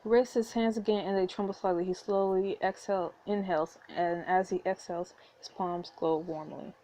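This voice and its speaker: A woman's voice: medium pitch, fairly even intonation, moderate pace, dark tone, slight background noise. A woman hosting a let's play, reading a story game aloud and reacting with giggly asides.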